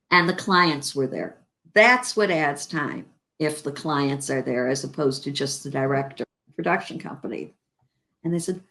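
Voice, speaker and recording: An older woman from Chicago, an actress, telling stories in an interview and acting out the lines she quotes. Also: low-pitched. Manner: animated anecdotes, acts out quoted lines. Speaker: actress guest. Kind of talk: interview storytelling.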